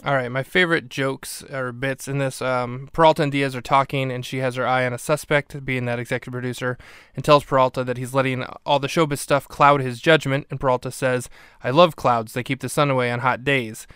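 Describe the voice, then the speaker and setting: Male podcast host, casual rambling recap, smooth clear voice, dry close sound. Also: medium pitch, flat delivery, fairly quick, fairly bright tone, no room sound. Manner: rambling, filler-heavy recap. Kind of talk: casual episode review.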